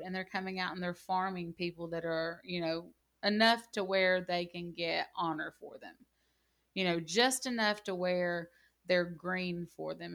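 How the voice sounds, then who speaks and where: A woman's voice: fairly low pitch, fairly bright tone. A woman in casual gaming chat, telling rambling stories full of "like" and "you know.". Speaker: gaming channel co-host.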